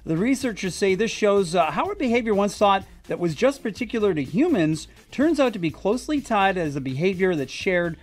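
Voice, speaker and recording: A man's voice: high voice, sing-song, a little fast, hardly any pauses. A man co-hosting a morning radio show, chatting in a playful, enthusiastic way in a studio. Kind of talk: casual radio banter.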